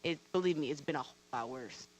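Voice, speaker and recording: A woman's voice: low voice, quick pace, very noisy. A woman who teaches veterinary students, telling a personal story to an audience in a candid, self-deprecating way with emphatic repetition. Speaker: veterinarian and college teacher on a panel.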